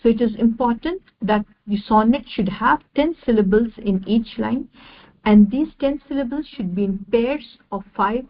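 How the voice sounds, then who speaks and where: A woman giving an online lecture over slides, measured and repeating each definition step by step. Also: a little high, highs cut off.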